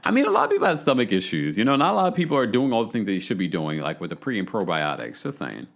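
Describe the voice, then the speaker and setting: Animated low-voiced man hosting a recap. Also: fast, gravelly. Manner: chatty, animated, reads viewer super chats. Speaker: podcast host. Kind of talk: live-stream reality TV recap.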